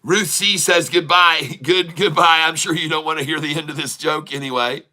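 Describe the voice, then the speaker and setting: A man's voice: fairly high pitch, fairly even intonation, brisk, sharp tone. A man hosting a day-trading livestream, rambling casually, repeating words and laughing often as he tells a joke.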